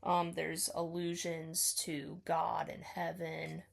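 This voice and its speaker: In a completely flat, creaky, low-pitched voice, a female student slowly works through her interpretation of a poem. She's hesitant throughout, filling gaps with "um" and frequently qualifying or revising what she says.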